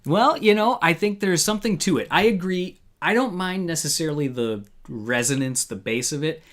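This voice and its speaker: A man's voice: on the high side, animated, normal speed, fairly bright tone. A man hosting a casual live review show, talking in a rambling, upbeat way with many fillers. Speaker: podcast host.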